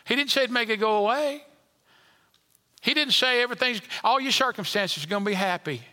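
High, bright-voiced preacher in a reverberant hall. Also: male voice, fairly quick. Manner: dynamic preaching, rising loud then dropping to near whisper. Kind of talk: sermon. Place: church sanctuary.

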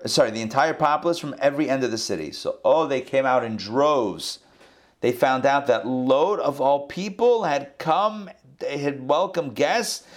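A man teaching a scripture class with animated delivery, rhetorical questions and playful asides. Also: medium pitch. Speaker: Bible teacher.

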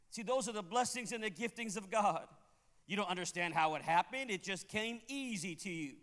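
A man preaching a sermon as pastor, speaking emphatically and rising to loud exclamations. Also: high voice, expressive, moderate pace. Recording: long hall reverb.

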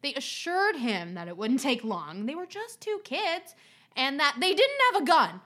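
A woman co-hosts a chatty podcast, laughing easily and swearing as she tells her stories. Her voice is high and bright, and it swings widely in pitch. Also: sing-song, a little slow. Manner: giggly, swears freely, puts on voices in anecdotes. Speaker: podcast co-host. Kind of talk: casual chat podcast telling creepy stories.

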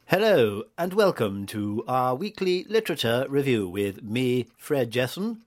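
A man's voice: medium pitch, sing-song, measured pace, music in the background. A man hosting a comic weekly review show, pompous and grumbling. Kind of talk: scripted comic radio hosting.

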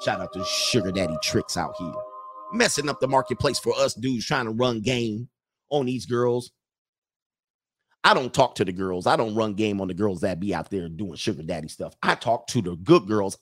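A man's voice: on the low side, animated, normal speed, a bit bright, soft background music. A man hosting a livestream in casual chat, reading viewer comments aloud, rambling and chuckling as he loses his train of thought.

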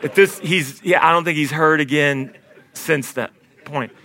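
A young man telling a comic story in an animated, self-deprecating way, often laughing through his own lines. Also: a little high, measured pace.

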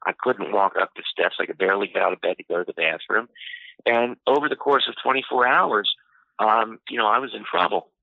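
A man telling a personal story in an interview, unhurried and full of "you know" fillers. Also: lowish voice, vocal fry, no echo. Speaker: interview guest. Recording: tinny phone-line audio, dry.

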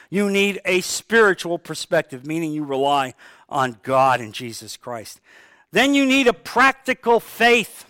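A man's voice: fairly high pitch, sing-song, unhurried, sharp tone, no echo. A man pastor preaching a sermon, stressing key phrases by repeating them and acting out sample prayers.

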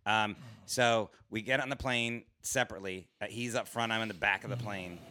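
A man's voice: lowish voice, fairly quick. A man, a stand-up comedian, telling a story on a podcast, acting out the people in it and swearing freely. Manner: animated storyteller, acts out quoted voices, swears freely. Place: podcast studio.

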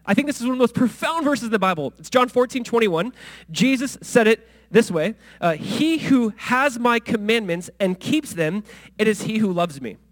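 A man preaching a sermon as pastor, in a conversational way full of asides and questions to the congregation, swinging between quiet low asides and loud high exclamations. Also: expressive, normal speed.

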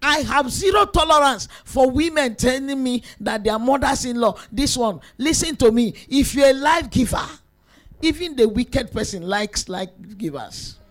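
A woman delivers a sermon to women in a high voice. She is emphatic and lively, swinging between soft asides and shouted peaks. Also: normal speed. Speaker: preacher.

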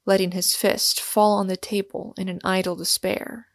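A woman narrating a story in a measured, even audiobook reading. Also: mid-range voice, no room sound, studio quality.

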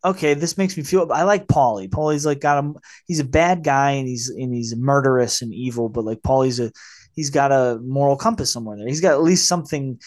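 Man, podcast co-host, casual film talk, rambling, lots of fillers, mid pitch. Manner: rambling, many "like" fillers, acts out quotes.

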